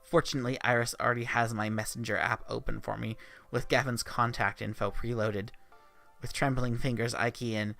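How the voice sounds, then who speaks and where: Gravelly man reading a visual novel. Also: mid-range voice, steady tone, brisk, a bit bright, faint music behind. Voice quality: playful, joking asides. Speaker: streamer.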